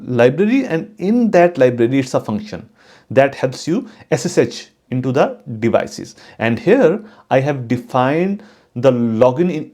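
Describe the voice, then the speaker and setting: A man hosting his own channel, giving a casual, unhurried tutorial on coding for network engineers, with frequent fillers and restarts. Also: medium pitch, dark tone. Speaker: channel host teaching network automation.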